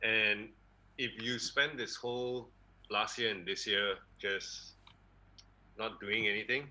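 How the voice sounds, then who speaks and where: A man's voice: lowish voice, fairly even intonation, slow pace, bright, forceful tone, rough recording. A man with a Malaysian English accent, a guest drummer chatting in an easygoing, rambling way on a podcast. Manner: easygoing, rambling, ends phrases with a tag particle. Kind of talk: casual podcast chat.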